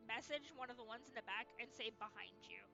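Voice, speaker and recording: Woman, tabletop player, fairly high voice, hesitant thinking aloud, clear background music. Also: fairly even intonation, quick pace, bright, forceful tone. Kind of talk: tabletop game chat.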